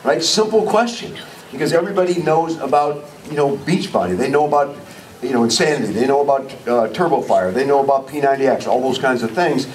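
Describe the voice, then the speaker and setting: A man's voice: mid-range voice, fairly quick. A man giving a live leadership training talk, telling personal stories and asking the audience questions. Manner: storytelling, asks audience questions. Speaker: motivational speaker. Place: meeting room with audience. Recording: distant mic in a room, faint noise.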